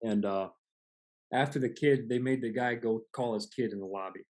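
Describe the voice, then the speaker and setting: A man's voice: mid-range voice, normal speed, a little mellow. Man in his forties, earnest storyteller. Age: 40s. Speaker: podcast host. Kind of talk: casual conversation.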